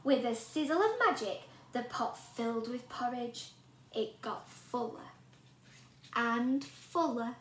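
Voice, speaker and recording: A woman's voice: on the high side, takes it slowly, a little hiss or hum. A woman teacher reading a storybook aloud to young children and asking them questions along the way. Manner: animated, asks the children questions. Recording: roomy echo.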